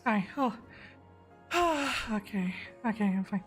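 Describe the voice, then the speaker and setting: A woman's voice: mid-range voice, measured pace, pauses often, soft background music. A woman streamer chatting playfully and jokily with viewers while playing a game. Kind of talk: casual game stream chat.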